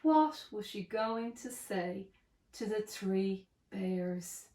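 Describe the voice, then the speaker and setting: A woman reading a children's storybook aloud in an expressive, sing-song way. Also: mid-range voice, extremely slow. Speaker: storybook narrator. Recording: roomy echo.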